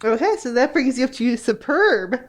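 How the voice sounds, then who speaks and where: A woman acting as game master of a tabletop game, laughing often and talking haltingly with fillers. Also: fairly high pitch, lively intonation. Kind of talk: running a tabletop game at a library.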